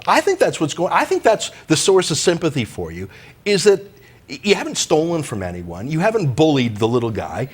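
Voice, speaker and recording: Husky, lively male interviewer. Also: on the high side, fairly quick. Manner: emphatic, opinionated. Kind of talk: political talk show.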